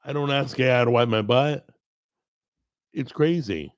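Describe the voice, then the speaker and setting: A middle-aged man hosting a cooking show, chatting casually at his desk microphone, with a gravelly, strained voice from a paralyzed vocal cord, rambling and self-deprecating. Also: mid-range voice, measured pace. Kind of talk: casual chat to camera. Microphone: desk microphone recorded over a video call.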